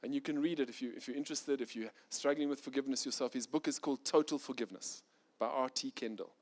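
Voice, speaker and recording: A middle-aged male pastor preaching a sermon, swinging from loud, urgent passages to soft, quiet ones. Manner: animated preacher, rising loud and fast when intense, dropping soft and low.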